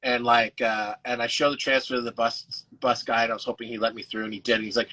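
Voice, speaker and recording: A young adult man, a guest chatting casually on a live video call, laid-back and quick to swear. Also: mid-range voice, level tone, bright, forceful tone, rough recording. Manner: laid-back, swears freely, laughs often. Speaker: actor and guest.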